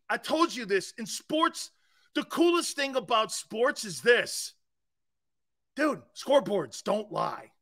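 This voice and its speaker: Loud mocking sports-talk man, very high voice. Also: creaky. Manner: loud, mocking, laughing at his own jokes; shouts in bursts between quieter asides.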